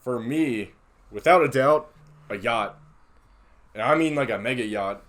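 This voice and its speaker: A young man on a casual podcast, talking in a laid-back way that trails off quietly. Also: mid-range voice, a little slow. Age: young adult. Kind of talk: casual chat.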